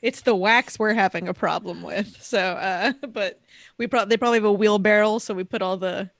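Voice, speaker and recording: A woman's voice: medium pitch, normal speed, no room sound, clean studio sound. A woman playing a tabletop game, making wry jokes about her character. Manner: wry, joking. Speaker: player. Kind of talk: tabletop role-play chat.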